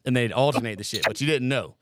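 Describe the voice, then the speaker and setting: A man's voice: mid-range voice, fast, fairly bright tone, dry recording, studio quality. A man telling boot camp stories in casual, rambling, profane podcast chat. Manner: rambling, laid-back, profane. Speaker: podcast guest, former Marine recruit. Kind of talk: casual storytelling.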